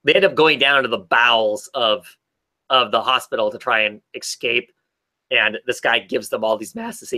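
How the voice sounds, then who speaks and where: A man's voice: medium pitch, moderate pace, pushed and bright. A man casually recapping a comic story, rambling with many fillers and restarts. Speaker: podcast co-host reviewing comics. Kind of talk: casual chat.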